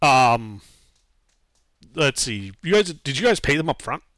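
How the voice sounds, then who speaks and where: A man narrating a tabletop game as game master, describing scenes in a lively, casual way with fillers. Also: mid-range voice, unhurried, dry recording.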